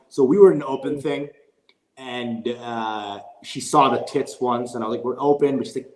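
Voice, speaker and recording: Male comedian guest, mid-pitch, loose profane storyteller, echoey room. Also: normal speed. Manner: rambling, profane, animated retelling. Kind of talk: casual storytelling.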